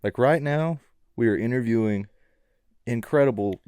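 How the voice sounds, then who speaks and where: A man's voice: mid-range voice, normal speed, a little mellow, clear, resonant tone, dry recording, studio quality. A young man co-hosting a podcast, talking in casual chat and hyping up his co-host. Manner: enthusiastic, hypes his co-host.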